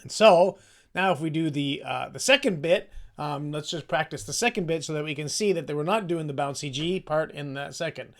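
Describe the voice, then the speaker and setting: A man's voice: a little high, brisk, fairly bright tone. A man leading a casual singing lesson, chatty and self-deprecating, explaining the score and singing short phrases to demonstrate. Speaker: choir practice leader.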